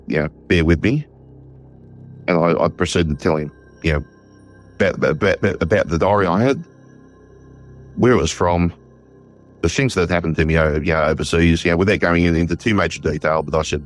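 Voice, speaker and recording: An Australian man, a war historian, telling a story in an interview with lively retold dialogue and frequent restarts. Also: low voice, moderate pace, pauses often, faint music behind. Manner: animated, retells conversations in quoted dialogue, frequent restarts.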